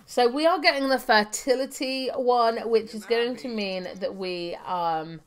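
This young adult game streamer has a smooth, mid-range voice. Her live commentary is casual and talkative, full of fillers, spoken thoughts and frequent laughter.

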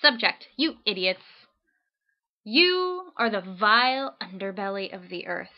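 Slow, dry woman reading letters aloud. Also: medium pitch, expressive, muffled recording.

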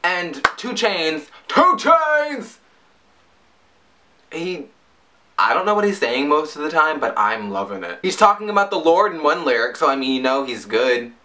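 Animated, bright-voiced man joking around. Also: brisk, hardly any pauses. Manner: jokey and animated, breaks into high yelps. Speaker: vlogger reviewing song lyrics. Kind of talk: casual comedic commentary.

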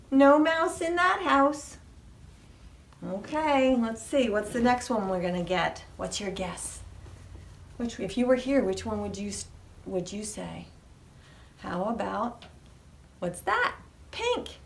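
A woman with a New England accent leading a preschool storytime at a library, animated and sing-song, with high squeals on reveals. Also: takes it slowly, slight background noise. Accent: New England American. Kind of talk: preschool storytime with rhymes and songs. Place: library room. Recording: echoey room, mic at a distance.

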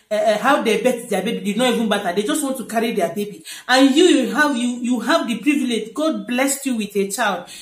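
A woman's voice: fairly high pitch, roomy sound. A young woman ranting heatedly to her vlog audience, repeating herself and firing rhetorical questions. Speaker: vlogger. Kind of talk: angry rant to camera.

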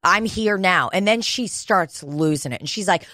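A woman's voice: on the low side, animated, normal speed, pushed and bright, no room sound, studio quality. A woman co-hosting a podcast, telling a story in casual, profane chat. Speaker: podcast co-host. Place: podcast studio.

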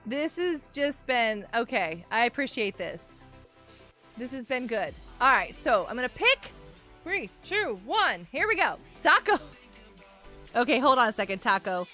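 A woman's voice: a little high, very animated, a little slow, bright, forceful tone, faint music behind. A woman live streaming and chatting with her viewers in a bubbly, giggly way while nursing a headache. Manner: bubbly, giggly, talks to chat. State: has a headache.

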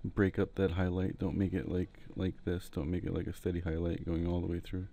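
Man, dark mellow voice, laid-back tutorial talk, headset mic, faint hiss. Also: low-pitched, fairly quick, vocal fry. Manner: relaxed, rambling, jokey asides. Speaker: digital painting tutor. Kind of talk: casual tutorial commentary while painting. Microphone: headset mic, breathing into it.

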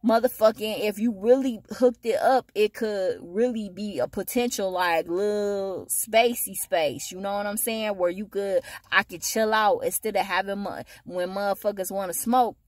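A woman vlogger ranting at home in a heated, blunt and profane way, at times rising to loud, high-pitched outbursts. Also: normal speed, hardly any pauses, dry recording, studio quality. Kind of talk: ranting monologue to camera.

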